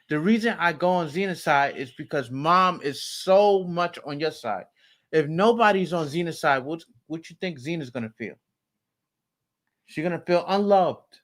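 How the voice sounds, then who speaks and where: A man in a heated family argument as a father, talking in a raised, forceful, lecturing way. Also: high voice. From United States.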